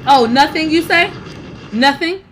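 A woman's voice: sits high, a little slow, fairly bright tone, slight background noise. A young woman giving brash, profane gossip commentary, talking straight to her viewers. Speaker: commentary vlogger.

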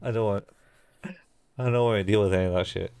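A man talks through a show's plot in a relaxed, casual way, cursing now and then. His voice sits on the low side. The sound is dry and close, with no room around it. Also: fast, gravelly, clean tone, dry recording. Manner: laid-back, swears casually, acts out characters' lines. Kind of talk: casual chat recapping a show.

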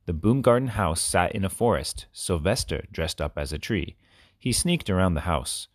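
A man reading short children's stories and simple facts aloud with clear, expressive delivery. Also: deep voice, normal speed, no echo, clean studio sound. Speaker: reader.

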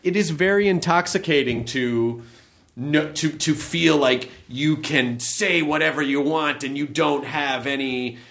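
A man in casual podcast chat, animated and joking, swearing freely as he tells stories. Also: fairly high pitch.

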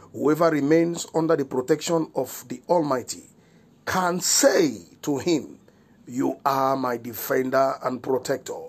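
A man's voice: on the high side, a little mellow. A man, a pastor delivering a devotional sermon with declared prayers and repeated rhetorical questions. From Nigeria.

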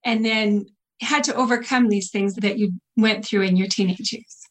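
A woman's voice: medium pitch, fairly even intonation, normal speed, rough recording. Brief: woman host, upbeat and encouraging, interview talk. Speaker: podcast host. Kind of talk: interview conversation.

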